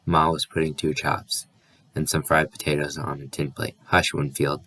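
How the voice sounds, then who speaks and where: A man's voice: very deep voice, monotone, normal speed, pushed and bright, dry recording. A man reading a novel aloud as an audiobook, with small slips and restarts. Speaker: audiobook reader.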